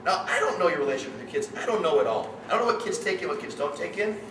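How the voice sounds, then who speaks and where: A middle-aged man coaching, giving an animated story-driven talk to parents and questioning his audience. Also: sits high, racing. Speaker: youth sports coach. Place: room with an audience. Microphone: distant room mic. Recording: echoey room, distant mic, background noise.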